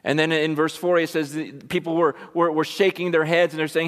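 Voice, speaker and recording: A man's voice: high voice, fairly quick, few pauses, fairly bright tone. A man preaching a sermon in an impassioned, emphatic way, often repeating words as he builds up. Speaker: pastor. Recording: long reverb of a large hall.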